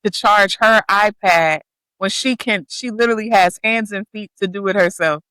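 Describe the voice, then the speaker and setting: A woman's voice: medium pitch, normal speed, sharp tone, clear, resonant tone, dry recording, poor audio. A woman co-hosting a podcast in casual chat, making teasing interjections. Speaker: podcast co-host.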